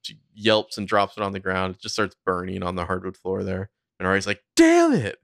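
A low, gravelly man chatting through an episode recap, walking through each scene and tossing off quick voices for the characters. The voice sits close and dry with no room sound around it, and there is a rough fry at the ends of his phrases. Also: little pitch movement, pushed and bright, no echo. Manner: narrates scenes and acts out character lines in a loose, chatty way. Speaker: podcast co-host recapping a TV episode. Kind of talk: casual recap chat.

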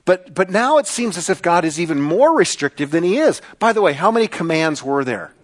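A man preaching a sermon, with a hushed tone in prayer and lively questions and mock voices in his teaching. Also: high-pitched, fairly quick. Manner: animated, mimics mocking voices, rhetorical questions. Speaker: pastor.

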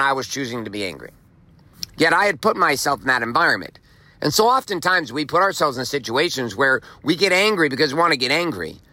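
A man delivers a motivational podcast monologue with a bright, tense edge to his voice. He talks emphatically, swears casually and hammers his points home by repeating phrases. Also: medium pitch, dry recording. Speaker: podcast host. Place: outdoors walking in the rain.

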